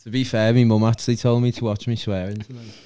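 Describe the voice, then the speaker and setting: A man's voice: mid-range voice, level tone, quick pace, dark tone, clear, resonant tone. A young man from the Wirral with a Merseyside accent, chatting casually as a podcast co-host in a laid-back way. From the Wirral, England. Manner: laid-back, says lad and yeah a lot. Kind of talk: casual chat.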